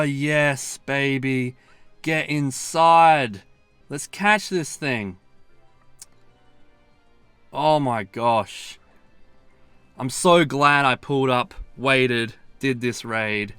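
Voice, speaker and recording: A man, chatting excitedly and casually as he plays a mobile game. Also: on the high side, clear, resonant tone, no room sound. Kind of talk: casual running commentary while playing.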